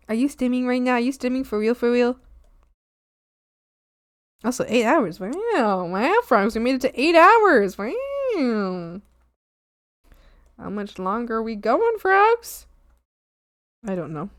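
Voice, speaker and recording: A young woman talks to her stream chat from home, rambling through stories with plenty of ums and giggles. Her voice swings widely, leaping into high squeals when she gets excited. The sound is dry and close, with no room around it. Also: measured pace, pauses often, no echo. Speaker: art streamer. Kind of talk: casual chat while reading chat. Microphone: desk mic at a streaming setup.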